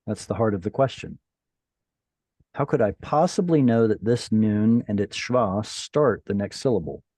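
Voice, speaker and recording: A man's voice: fairly low pitch, expressive, moderate pace, dark tone, no echo, studio quality. A man teaching a Hebrew class over a video call, patiently explaining and quizzing his students.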